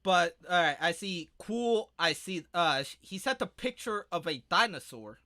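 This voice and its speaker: This male podcast co-host keeps things loose, cracking crude gags and often bursting into loud impressions delivered as fake shouting. His pitch is high with lively intonation, and his pace stays measured.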